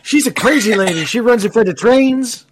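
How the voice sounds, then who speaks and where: High-voiced man making crude quips. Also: lively intonation, moderate pace, crowd noise. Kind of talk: casual movie commentary chat.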